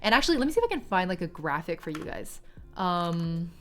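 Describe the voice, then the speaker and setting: A woman's voice: fairly low pitch, big pitch swings, fairly quick, a bit bright, a little hiss or hum. A woman streamer chatting casually on a livestream, rambling with lots of filler words and reading viewer chat aloud, sometimes in Mandarin.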